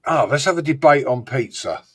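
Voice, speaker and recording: A man hosting a loose live chat, talking at an ordinary pitch. He rambles from one story to the next, swears freely and slips into impressions of regional accents. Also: lively intonation, moderate pace, fairly bright tone. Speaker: host. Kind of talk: casual live-stream chat.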